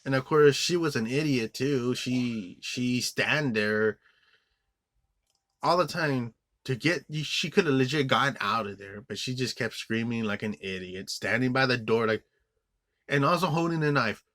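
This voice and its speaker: A man's voice: mid-range voice, animated, a little slow, a bit bright, dry recording. Angry man, swearing rant, stumbling restarts, dry close sound. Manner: angry, profane, rambling with many restarts. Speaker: film reviewer. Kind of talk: ranting movie review.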